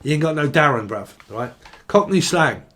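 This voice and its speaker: A man's voice: fairly high pitch, expressive, normal speed, fairly bright tone. Joking man. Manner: joking, swearing, breaks into song. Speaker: tarot reader. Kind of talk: casual tarot reading.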